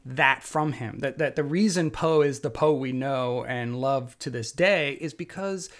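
A man's voice: medium pitch, measured pace. A man co-hosting a podcast, casually thinking aloud as he reflects. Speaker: podcast co-host. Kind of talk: casual chat.

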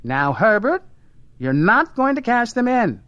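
A narrator voicing a plain, thrifty middle-aged housewife who talks in a sharp, practical way. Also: medium pitch, very animated, unhurried, no echo, dull audio, pitched above the performer's own voice. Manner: sharp, practical, proudly frugal. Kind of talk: audiobook character voice.

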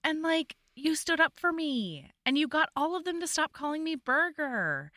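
Woman, podcast co-host, casual book chat, bright tone, dry close sound, laughs a lot. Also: sits high, normal speed, no echo. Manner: animated, laughing, retelling the plot. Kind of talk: casual chat about a romance novel.

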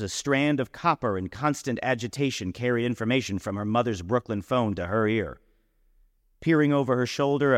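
A man's voice: mid-range voice, no room sound, in a large hall. A man narrating a literary short story in the first person, with a wry, dry manner. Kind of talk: audiobook reading of literary fiction.

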